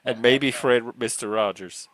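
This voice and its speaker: A man's voice: mid-range voice, measured pace, fairly bright tone, no room sound. A middle-aged man in casual comedic chat, giggly and playfully camp as co-host.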